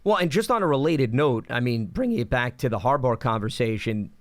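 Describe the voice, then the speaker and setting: A man hosting a sports talk show, measured and thanking callers. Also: medium pitch, sing-song, no echo. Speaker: host.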